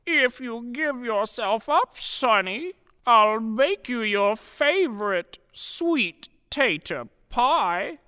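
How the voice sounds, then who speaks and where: A man voicing an elderly grandmother who coaxes her son in a drawn-out way. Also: extremely high pitch, lively intonation, bright, forceful tone, long reverb tail, voice pushed up, heavily acted. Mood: pleading. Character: old grandmother, pleading and sweet.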